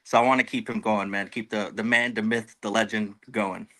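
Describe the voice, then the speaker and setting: Easygoing male caller, bright-toned, speaking earnestly. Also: fairly low pitch, steady tone, moderate pace. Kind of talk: casual fan call-in.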